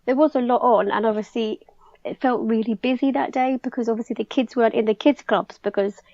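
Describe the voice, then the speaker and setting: A young English woman chatting excitedly as a podcast guest, peppering her story with "like". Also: a little high, a little fast, no room sound, dull audio. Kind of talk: casual chat.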